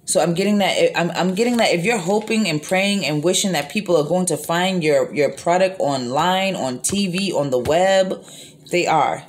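A woman's voice: fairly low pitch, moderate pace. Rambling woman giving a tarot reading. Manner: rambling, repeats herself, frequent fillers; profane, blunt. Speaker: tarot reader. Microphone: phone.

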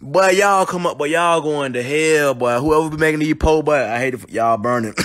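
A young man, talking in casual comedic commentary, animated, slangy and quick to laugh and swear. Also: on the high side. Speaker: content creator.

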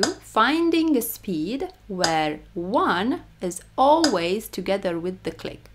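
A woman with a Hungarian accent leads a rhythm exercise, counting beats aloud and leaning hard on each "one." She speaks slowly, and her pitch rises and falls in a lively way. Metronome clicks and a faint hiss sit behind her voice. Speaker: music teacher. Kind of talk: instructional rhythm lesson.

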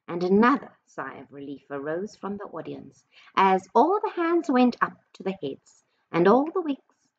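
A woman, possibly a teacher, reading a storybook aloud to children slowly and expressively, with dramatic emphasis. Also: mid-range voice, expressive, husky, dull audio.

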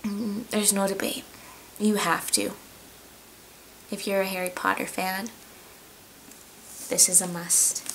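A woman's voice: medium pitch, little pitch movement, gravelly, fairly bright tone, slight background noise, low-quality recording. Earnest woman gushing over a book. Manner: earnest and gushing, halting restarts. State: tearful, voice breaking. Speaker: book vlogger. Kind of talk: casual book review vlog.

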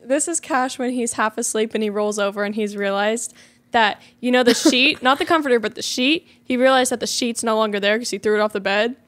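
A woman's voice: a little high, brisk, fairly bright tone. A woman co-hosting a podcast in casual chat, playful and teasing with her co-hosts. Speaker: podcast co-host.

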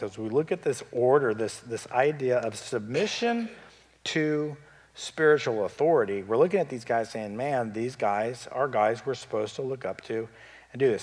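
A man, a pastor leading a Bible study, talking conversationally and putting questions to the group. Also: mid-range voice. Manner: conversational, animated teaching with asides and questions to the group. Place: church hall. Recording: long church-hall reverb.

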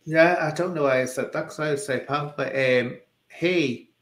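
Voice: medium pitch, normal speed. A host with a Liverpool accent telling anecdotes in casual chat, full of quoted speech. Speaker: interview host. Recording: roomy echo.

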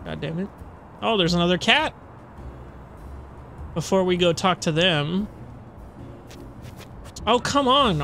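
A gamer giving casual running commentary over gameplay, chatty and swearing freely, with loud frustrated outbursts. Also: mid-range voice, slight background noise. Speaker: let's play gamer.

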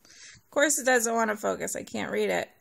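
Sleepy gravelly-voiced woman unboxing. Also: medium pitch, lively intonation, normal speed, fairly bright tone. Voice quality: gravelly vocal fry. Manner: sweet and gushing, says thanks over and over. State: sleepy and a little hoarse. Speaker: nail vlogger opening a giveaway package. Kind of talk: casual unboxing chat.

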